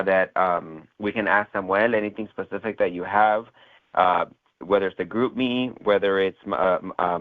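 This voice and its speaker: A man hosting a motivational sales call interview, talking in rambling bursts with many fillers and "right?" tags. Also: fairly low pitch. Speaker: host. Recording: tinny phone line.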